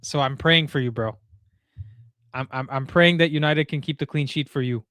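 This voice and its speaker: Young male watchalong host, slangy and excitable, slightly high voice, dry close mic. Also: normal speed, no room sound. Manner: excitable, slangy, frequent "bro" and "dude". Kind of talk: live football watchalong commentary.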